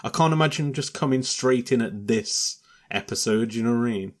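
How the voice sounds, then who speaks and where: A man hosting a podcast in casual chat, relaxed and hesitant with frequent fillers. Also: mid-range voice, brisk. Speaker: podcast host.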